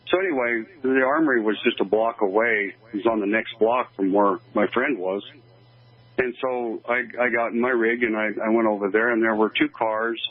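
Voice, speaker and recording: An older man from Oregon, a guest in an interview, giving an earnest, halting personal account with many restarts. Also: lowish voice. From Oregon, USA. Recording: tinny phone-line call.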